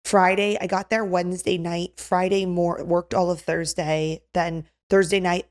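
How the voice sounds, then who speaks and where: A young woman co-hosting a podcast, telling a story in a casual chat, animated, acting out quotes, with lots of "like". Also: on the low side, unhurried. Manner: animated, acts out quotes, filler "like". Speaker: podcast co-host.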